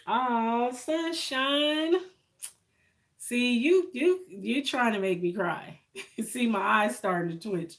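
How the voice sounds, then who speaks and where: Woman on a live stream, slow and soft, gets teary thanking viewers. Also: medium pitch, animated. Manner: emotional, thankful, soft-spoken, laughs often.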